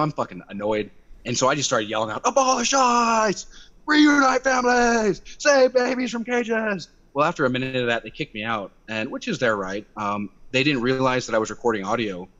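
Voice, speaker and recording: A young man telling a story in casual chat on a video call, animated and swearing, acting out quotes in a louder voice. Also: mid-range voice. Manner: animated, swearing, acts out quotes by raising his voice. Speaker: activist guest. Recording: dull lo-fi video call audio.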